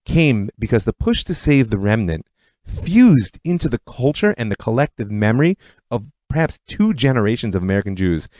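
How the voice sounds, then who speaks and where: A man's voice: mid-range voice, dry recording. A man hosting a podcast, narrating history in a scripted, storytelling way. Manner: storytelling, lively delivery. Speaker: podcast host.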